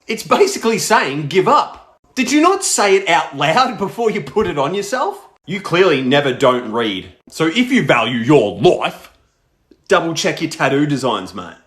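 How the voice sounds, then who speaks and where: A man's voice: a little high, fairly bright tone. An Australian man with a brash, sweary, slang-heavy manner, delivering comic countdown commentary. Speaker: comedy content creator.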